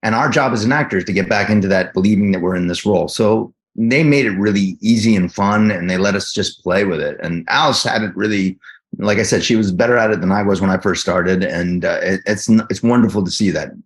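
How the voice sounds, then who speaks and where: A man's voice: lowish voice, a little fast. A middle-aged man from New Jersey with a New Jersey accent, an actor guest telling stories with enthusiasm and frequent restarts. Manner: enthusiastic storyteller, many restarts. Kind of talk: casual interview answers.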